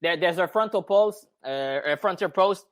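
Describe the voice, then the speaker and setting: A man's voice: high-pitched, normal speed, fairly bright tone, no echo. Quebec French-accented man, searching for words. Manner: searching for English words, many fillers and restarts. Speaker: guest. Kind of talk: casual chat.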